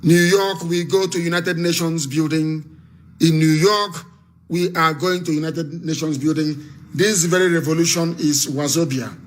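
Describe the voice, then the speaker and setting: A man's voice: on the high side, fairly even intonation, moderate pace. A man from Nigeria with a Nigerian accent, giving a fiery, repetitive live radio address as an activist broadcaster.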